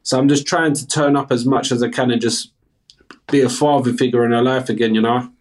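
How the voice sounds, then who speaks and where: A man's voice: medium pitch, fairly even intonation, brisk. A man in his thirties with a South London accent, a guest speaking candidly and earnestly in a casual interview.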